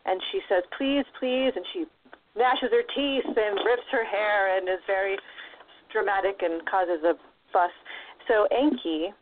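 A woman's voice: mid-range voice, a little slow, slight background noise. A woman casually retelling an old myth, slipping into playful voices for the characters. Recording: tinny phone-line audio.

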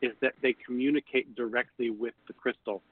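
A man's voice: medium pitch, fairly even intonation, a little fast, slightly rough, dry recording. A man who teaches pendulum use, explaining thoughtfully in casual conversation. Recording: phone-like dry audio.

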